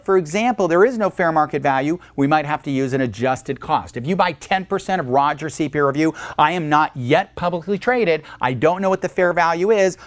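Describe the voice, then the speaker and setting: In a recorded accounting lecture, a male instructor keeps things lively and jokey, acting out little phone calls to make his points. His voice is a little high, and the recording sounds dry.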